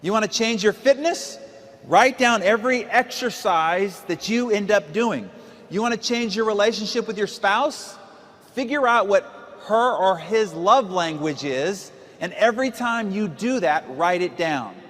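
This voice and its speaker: A man's voice: high-pitched, expressive, a little slow, a bit bright, big-room sound. A man in his forties gives a seminar talk as a motivational speaker, emphatic and full of rhetorical questions. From United States. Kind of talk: seminar talk to a live audience.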